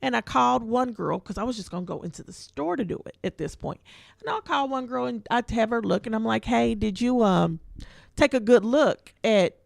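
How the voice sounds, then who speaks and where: A woman's voice: on the high side, normal speed, creaky, no echo, studio quality. A woman co-hosting a podcast, telling a story in casual, colloquial speech and acting out the voices of the people in it. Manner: animated storyteller who acts out quoted voices. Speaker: podcast co-host.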